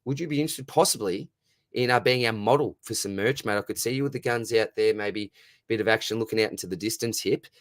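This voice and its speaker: A young Australian man chats casually on a live stream, upbeat and matey as he takes question after question. His voice sits on the low side and sounds a little worn, as if it is going. The sound is close and dry. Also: fast, no room sound. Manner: matey, upbeat, answers viewer questions one by one. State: losing his voice.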